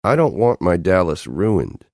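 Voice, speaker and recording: A man's voice: very deep voice, big pitch swings, unhurried, mellow, no echo, studio quality, exaggerated voice. A man voicing a cold, commanding male alien agent in an audiobook, speaking in a clipped, exasperated way. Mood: forceful.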